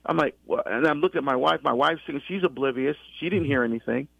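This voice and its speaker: A middle-aged deacon from the US East Coast in a conversational faith talk, telling his story with many restarts and animated quoted exchanges. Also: on the high side, quick pace, creaky, no echo. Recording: dull lo-fi sound.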